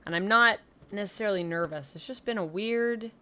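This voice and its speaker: This young Canadian woman, slight Southern twang and all, talks casually and ramblingly on a live stream through her home desk mic, poking fun at herself. She speaks briskly in a mid-range voice that is pushed, bright and smooth.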